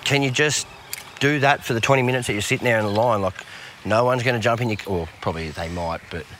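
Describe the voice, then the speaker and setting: A man's voice: medium pitch, quick pace, a bit bright, slight background noise. A man hosting a casual podcast chat, laid-back and chiming in. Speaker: podcast host.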